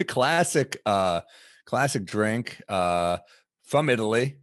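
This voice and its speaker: A man with a New York accent co-hosting a casual drinking podcast, animated and swearing, laughing easily between lines. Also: fairly low pitch, takes it slowly. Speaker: podcast co-host.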